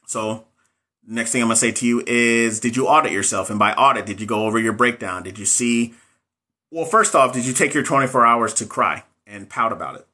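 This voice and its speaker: Man, bright tone, middle pitch, casual live-stream coaching, motivational, chats with viewers. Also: brisk. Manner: motivational, talks straight to viewers, reads out comments.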